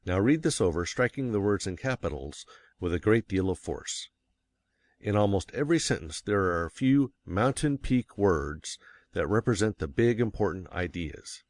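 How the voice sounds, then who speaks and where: A man reading a nonfiction book aloud as an audiobook narrator, measured and stressing key words. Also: fairly low pitch, expressive, darkish tone, no echo. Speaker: audiobook reader. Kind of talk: scripted narration.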